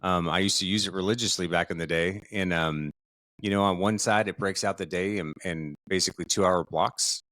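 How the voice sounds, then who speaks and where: A man co-hosting a podcast, giving relaxed, informal advice in casual chat. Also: sits low, a little fast, no echo. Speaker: podcast co-host.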